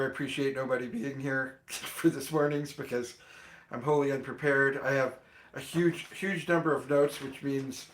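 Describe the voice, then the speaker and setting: A man's voice: mid-range voice, a bit bright, roomy sound. A man hosting a casual morning livestream, chatting in a rambling way and greeting viewers by name. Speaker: livestream host.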